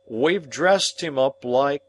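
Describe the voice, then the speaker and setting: A man puts on a stuffy-nosed, rough working man who drags out every word and drops his consonants. He sounds higher than the reader's own low voice, slow and sniffling. An audiobook voice. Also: sing-song, a bit bright, a little hiss or hum. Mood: nervous. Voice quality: stuffy, head-cold voice. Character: slow, sniffling male hired go-between. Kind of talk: audiobook character reading.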